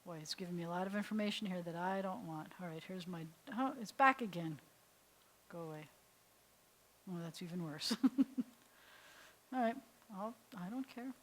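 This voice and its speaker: A woman's voice: on the low side, a little fast, a bit bright. A woman rabbi giving a casual beginner language lesson, playful and chatty, with jokey explanations, and talking aloud to her computer as she works. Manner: talks aloud to her computer while working. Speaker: rabbi teaching Hebrew.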